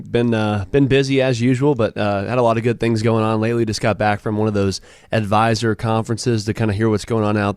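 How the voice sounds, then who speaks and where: A financial advisor from Southern California chats casually on a radio show, relaxed and full of fillers and restarts. His voice is on the low side, clear and resonant, captured in a dry, clean studio recording.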